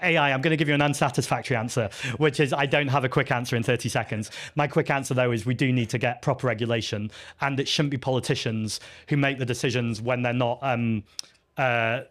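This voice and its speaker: A man's voice: mid-range voice, steady tone, fast, fairly bright tone. A man, a party leader, answering audience questions at a live festival Q&A in an earnest, chatty, self-deprecating way, with frequent ums and restarts.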